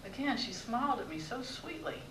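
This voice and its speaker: A woman's voice: a little high, recorded from a distance, noisy background. Wry woman storyteller in an echoey theater. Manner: wry, expressive, with dramatic pauses. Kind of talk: personal storytelling on stage. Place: theater stage.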